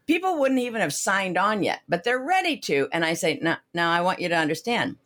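A woman's voice: deep voice, fairly bright tone. A woman, a financial advisor being interviewed, explaining with energy and everyday analogies. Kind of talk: animated interview talk.

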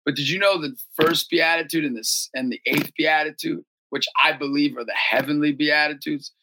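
A man who leads a youth ministry and coaches basketball, telling stories in an animated interview and often jumping into shouts and high-pitched voices. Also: fairly quick, background noise.

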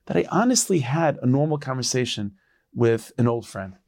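A man voicing a lost, humbled king in a told folk tale, speaking in a gentle, confiding way. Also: mid-range voice, sing-song, moderate pace, no room sound, studio quality.

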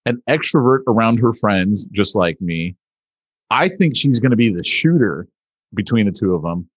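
A man co-hosting a casual podcast chat, telling family stories in a relaxed way. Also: lowish voice, normal speed, breathy edge, no room sound. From Southern California. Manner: relaxed storytelling. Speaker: podcast co-host.

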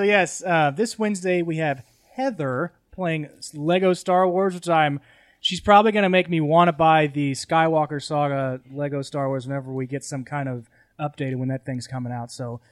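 A man's voice: a little high, moderate pace, no room sound, studio quality. A man co-hosting a casual podcast, talking in an easygoing, chatty way. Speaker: podcast co-host.

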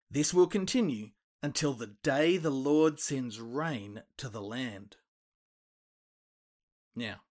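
A man retelling a Bible story for children, lively and expressive, acting out the quoted lines. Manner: animated, acts out quoted voices with big pitch jumps.

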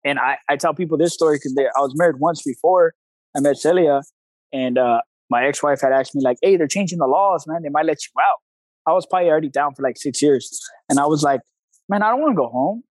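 Male coach guest, high-pitched, blunt storyteller with slang, recorded dry and close. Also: fast, no echo, low-quality recording. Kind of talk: casual interview talk.

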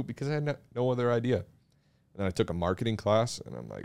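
A young man telling stories in a relaxed casual chat, laughing at himself now and then. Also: lowish voice, quick pace, creaky, clear, resonant tone. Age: young adult. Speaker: young real estate agent.

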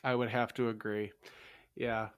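A man's voice: fairly low pitch, little pitch movement, unhurried, clear, resonant tone. A man co-hosting a casual history podcast, chatty and jokey, often trailing off and restarting. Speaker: podcast co-host.

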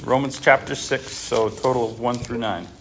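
A man's voice: medium pitch, fairly even intonation, normal speed, slight background noise. A man teaching a Bible class in an informal way, often stopping short, restarting and repeating words as he talks.

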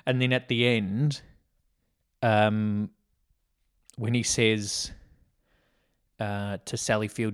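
A man's voice: on the low side, fairly even intonation, extremely slow, pauses often, clean tone. A man co-hosting a casual film podcast, thinking aloud in a rambling way with plenty of ums. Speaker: podcast co-host. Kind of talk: casual film-review chat.

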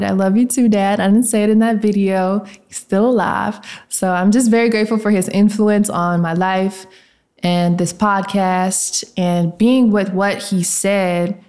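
A woman's voice: mid-range voice, a little slow, darkish tone. Young woman hosting a podcast. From Tennessee, USA. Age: 20s. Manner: reflective, motivational, casual. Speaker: podcast host. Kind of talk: solo podcast monologue.

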